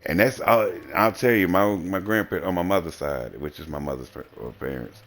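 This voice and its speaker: Faint music plays behind a low-voiced Southern man as he livestreams a casual monologue at a moderate pace. With his Southern American accent, he comes across as blunt, rambling and profane.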